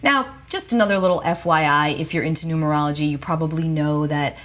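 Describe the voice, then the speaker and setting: Low-voiced woman giving calm spiritual advice. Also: quick pace. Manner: gentle, reassuring, checks in with "okay?". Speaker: astrologer and psychic. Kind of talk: casual spiritual advice talk to camera.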